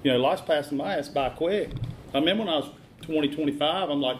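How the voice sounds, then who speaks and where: A middle-aged man giving a blunt, plain-spoken personal testimony at a recovery meeting, halting often with fillers. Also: fairly high pitch, slight background noise.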